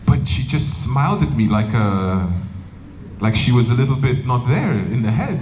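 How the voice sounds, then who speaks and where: A monk giving a humorous spiritual talk, telling stories with lively delivery and acting out quoted voices. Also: male voice, mid-range voice, moderate pace. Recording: roomy hall with faint noise.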